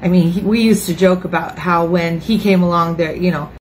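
A woman's voice: fairly low pitch, brisk, slight background noise, poor audio. Chatty grandmotherly woman preaching. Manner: warm, chatty and emotional, with lively asides. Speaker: ministry speaker. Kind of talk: informal sermon. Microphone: phone or webcam, online broadcast.

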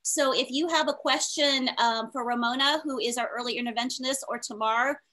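Bright, upbeat woman moderator. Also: sits high, a little fast. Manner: upbeat, chatty, animated. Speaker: teacher and panel moderator. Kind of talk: casual panel moderating on a video call. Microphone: video call.

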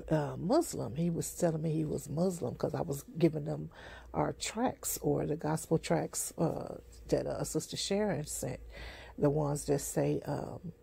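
Street preacher, sleepy, yawning, gravelly fry, dark mellow tone, halting rambling testimony. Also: mid-range voice. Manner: repetitive, halting, many fillers and restarts.

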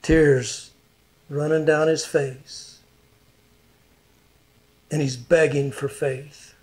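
A middle-aged man preaching a sermon as a pastor, earnest and emotional, with long pauses. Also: a little high, flat delivery, darkish tone, breathy edge.

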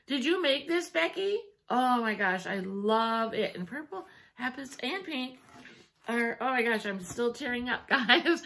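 Middle-aged woman, chatty home vlogger, bright higher voice, gushing and warmly emotional. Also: moderate pace, creaky. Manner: chatty, gushing and easily moved, with many fillers. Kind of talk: casual chat.

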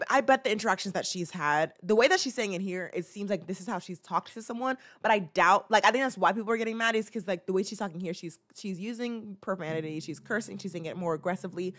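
A woman's voice: mid-range voice, a bit bright. A woman chats casually as a show host, reacting to a clip. She rambles, restarts her sentences and acts out playful little scenes. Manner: rambling, chatty, many fillers and restarts.

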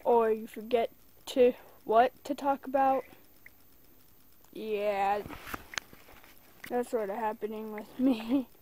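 Casual gaming host, a woman with a slow, rambling, chatty delivery, lying on a bed at home and quick to get annoyed. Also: fairly high pitch, steady tone, dark tone, slight background noise. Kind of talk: casual let's play commentary.

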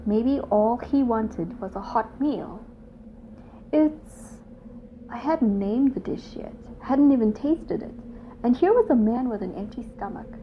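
A woman narrating a first-person audiobook story in a wry, lively way. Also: a little high, slow. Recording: dull lo-fi with loud noise.

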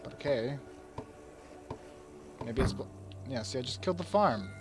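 A young man commentating his game, swinging from shouted orders and mock-royal speeches to low muttering. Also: lively intonation, moderate pace, music in the background. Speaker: gamer. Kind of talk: let's play commentary.

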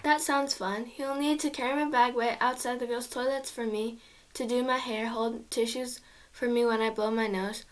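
A woman's voice: fairly high pitch, little pitch movement, normal speed, natural voice. A woman voicing a smug, bossy schoolgirl in a children's storybook reading.

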